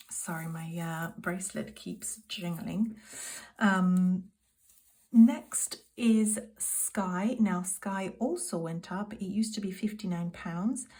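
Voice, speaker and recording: A woman in her thirties from the UK talks her viewers through her monthly bills at home, calling them "guys" in a relaxed, chatty way. She keeps her voice hushed, close to a whisper, so her sleeping daughter isn't woken. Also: mid-range voice. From United Kingdom. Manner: speaks softly, half-whispering so a child can sleep. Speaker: budgeting vlogger. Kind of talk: casual monthly budget walkthrough.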